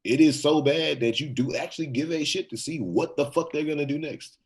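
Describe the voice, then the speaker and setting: A man's voice: on the high side, fairly quick, background noise. A man guesting on a casual movie-review podcast, talking in a laid-back, wry way with casual swearing.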